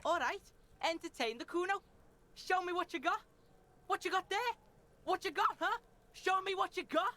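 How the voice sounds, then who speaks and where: A foul-mouthed game street kid, put on by a man, with a high, sharp Scouse voice. He talks about himself in the third person and sneers at everyone. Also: normal speed, pauses often, heavily acted. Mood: taunting. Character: foul-mouthed street boy, cocky and hostile. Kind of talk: live game voice-over.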